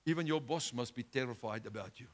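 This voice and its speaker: A male pastor preaching a sermon with a South African accent, swinging between loud urgent exhortation and quiet, low asides. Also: fast. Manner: impassioned preaching, rising loud then dropping low.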